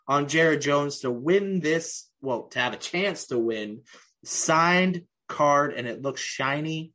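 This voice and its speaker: A man's voice: on the high side, lively intonation, takes it slowly, sharp tone. A man co-hosting a casual podcast, joking, laughing often and drifting into tangents. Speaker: podcast co-host. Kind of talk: casual chat.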